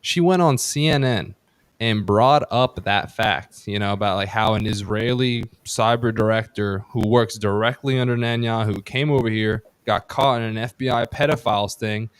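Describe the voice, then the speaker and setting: A man's voice: fairly low pitch, moderate pace, smooth, no echo. A man hosting a casual political podcast, heated and profane, rambling with restarts on a close mic. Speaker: podcast host.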